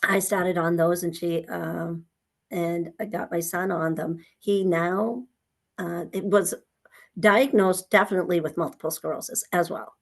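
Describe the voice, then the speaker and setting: A middle-aged woman tells her own story as an interview guest. Her voice sits a little low, and she acts out old conversations with lively energy. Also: measured pace. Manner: animated storytelling, acting out conversations.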